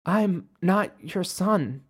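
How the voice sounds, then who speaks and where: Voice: medium pitch, expressive, extremely slow, husky, voice pushed up, full character voice. A storyteller voicing a frightened teenage boy who speaks from a dry mouth, almost in a whisper.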